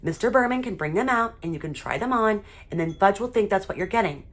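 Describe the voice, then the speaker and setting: A woman's voice: medium pitch, animated, fast talker, voice pushed up, close to an everyday voice. A woman voicing a fussy, easily embarrassed mother who frets but stays firm. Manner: fretting, firm.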